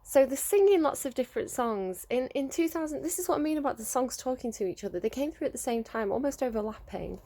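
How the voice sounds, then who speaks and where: A woman's voice: high-pitched, animated, fast talker, few pauses, mellow. A woman in her thirties giving a casual tarot reading, chatty and rambling, with frequent laughs. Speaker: tarot reader.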